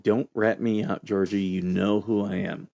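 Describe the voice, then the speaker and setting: A man who served as a Marine, hosting a casual call-in show and telling a story in a relaxed, rambling way with lots of fillers. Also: fairly low pitch, normal speed, gravelly, no echo. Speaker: show host, Marine veteran.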